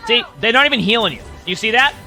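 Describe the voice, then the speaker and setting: A man's voice: very high voice, lively intonation, quick pace, bright, forceful tone, soft background music, some chatter behind. A man giving casual commentary and coaching tips while he watches a player's match, chatty and repeating himself often. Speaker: streamer coaching a spectated player.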